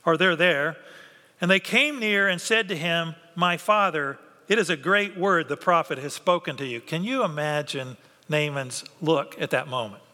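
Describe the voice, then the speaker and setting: A man preaching a sermon in a lively way, acting out the voices of biblical characters. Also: a little high, moderate pace. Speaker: pastor. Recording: long hall reverb.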